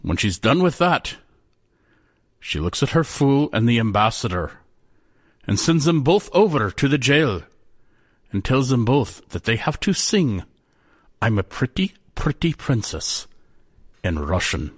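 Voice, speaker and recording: A man telling a folk tale in a folksy, animated way. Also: medium pitch, measured pace. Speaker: storyteller.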